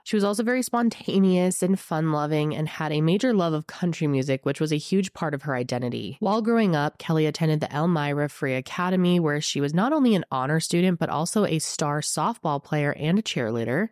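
A woman's voice: low voice, darkish tone, no room sound, clean studio sound. A young woman with a cold, hosting a true crime show in a scratchy, congested voice, telling the story with emphatic, indignant asides.

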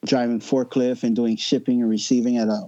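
A man's voice: medium pitch, level tone, brisk, warm tone, no echo, lo-fi sound. A man telling a personal story as a podcast guest, casual and profane, often laughing as he talks.

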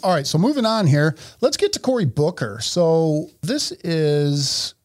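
A man's voice: a little high, a little slow, no room sound. Man, blunt and profane, casual podcast chat, dry close sound. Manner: blunt, profane, animated storyteller. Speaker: podcast co-host. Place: office studio.

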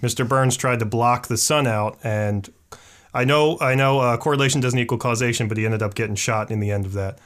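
A man hosting an interview podcast, asking questions in a friendly, relaxed way. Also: medium pitch, a little fast. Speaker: podcast host.

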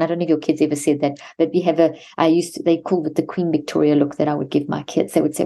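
Warm low-voiced woman explaining steps. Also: fairly even intonation, fast talker, breathy edge. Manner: earnest, instructive, walks through examples step by step. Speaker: podcast guest, mental health expert. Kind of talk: explaining steps in a podcast interview.

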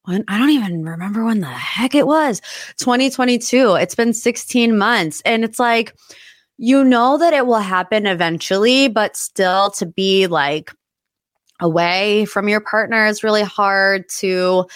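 A woman in her thirties hosting a casual solo podcast, chatty and emotional, her voice jumping high when she gets excited. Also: measured pace, dry recording, clean studio sound. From United States. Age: 30s. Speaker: podcast host.

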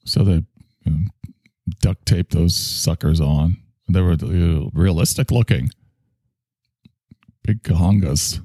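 A man's voice: low-pitched, slow pace, long pauses, mellow, no echo. A man in his sixties who hosts a show, rambling through a crude, joking solo monologue that keeps trailing off.

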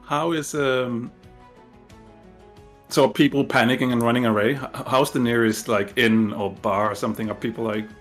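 A man at the table of a tabletop game asks question after question in a hesitant, casual way. His voice sits at a middle pitch. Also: fairly even intonation, normal speed, soft background music. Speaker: player.

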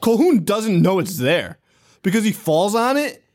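A man's voice: high-pitched, big pitch swings, moderate pace, darkish tone. A man co-hosting a podcast, joking and laughing in a casual chat about a horror movie. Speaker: podcast co-host.

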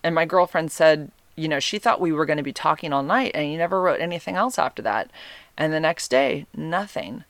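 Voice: mid-range voice, expressive, a little fast, fairly bright tone, no room sound. A vlogger telling a personal dating story in a casual, rambling way, often correcting themself, open and emotionally candid.

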